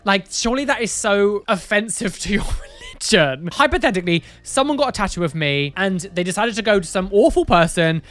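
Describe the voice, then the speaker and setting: A woman's voice: medium pitch, animated, fairly quick, fairly bright tone, faint music behind. A woman doing casual reaction commentary as a YouTuber, exclaiming and laughing with slangy asides. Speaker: YouTuber reacting to tattoo photos.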